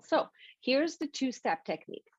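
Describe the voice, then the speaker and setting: A French Canadian woman, a native French speaker, explaining a mindset technique as a podcast guest in an animated, repetitive way. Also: high voice, moderate pace, slightly rough, no room sound. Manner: animated, repetitive, stumbling restarts. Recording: dull lo-fi dry recording.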